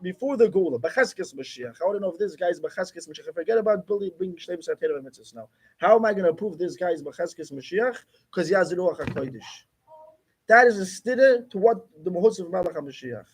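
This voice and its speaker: A man's voice: sits high, lively intonation, quick pace, a little hiss or hum. A man teaching a Torah class, arguing insistently with his students and mixing in Yiddish and Hebrew terms. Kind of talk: heated study-class debate.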